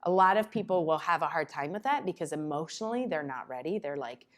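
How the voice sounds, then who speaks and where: Lively woman presenting at a conference. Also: low voice. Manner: lively, conversational, acts out the child and parent in quick asides. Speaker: conference presenter on child behavior. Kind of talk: conference talk to parents. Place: conference room.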